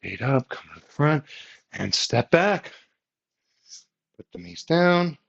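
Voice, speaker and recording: A man leading a yoga workout with calm, encouraging step-by-step cues. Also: a little high, slow pace, creaky, breathy edge. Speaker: yoga instructor. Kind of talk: guided workout instruction. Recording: slightly muffled, lo-fi audio.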